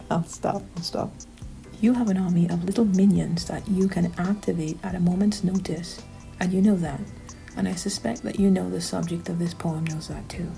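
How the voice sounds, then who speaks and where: A woman delivers critical commentary in a sarcastic, pointed way. Her voice sits a little low and has a gravelly edge. Her tone is dark and mellow, with soft music playing faintly underneath. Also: rough recording. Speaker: commentary host.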